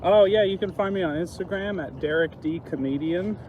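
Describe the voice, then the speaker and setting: A man's voice: high voice, brisk, dull audio. A man as guest comedian on a walking livestream, joking loosely with lots of fillers. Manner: loose rambling jokes with fillers. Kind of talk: casual walking livestream chat. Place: outdoors on city streets. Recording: noisy outdoor street sound.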